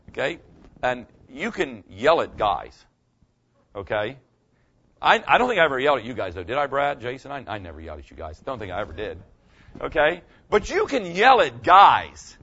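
A man's voice: mid-range voice, very animated, normal speed, sharp tone, slightly rough, lo-fi sound. An older male pastor giving a folksy, conversational sermon, often checking in with his listeners. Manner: folksy, conversational preaching, asks the audience "okay?" often.

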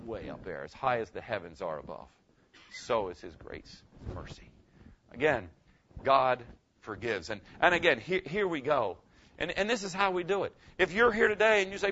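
Male pastor, fairly high, bright voice; emphatic sermon delivery, dull lo-fi recording. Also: big pitch swings, normal speed. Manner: emphatic, asks the congregation questions. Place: room with a congregation.

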